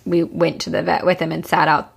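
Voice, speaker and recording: A woman's voice: deep voice, level tone, brisk, gravelly, husky. A woman co-hosting a podcast in casual chat, reacting to her partner's stories as a sympathetic listener. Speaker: podcast co-host.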